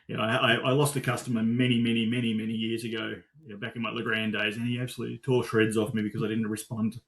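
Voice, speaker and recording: Animated Australian man telling stories. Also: medium pitch. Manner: animated storyteller, gets worked up. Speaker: guest, supplier sales manager. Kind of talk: casual interview answers.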